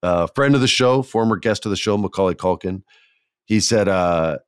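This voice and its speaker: A man's voice: low-pitched, moderate pace, smooth, no room sound, studio quality. A man hosting a podcast, telling a long story casually with rambling, joking asides. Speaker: podcast host.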